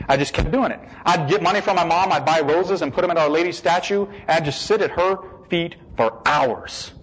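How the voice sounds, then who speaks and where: A man giving an emotional personal testimony, shifting between hushed, slow passages and excited bursts. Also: a little high, husky, poor audio.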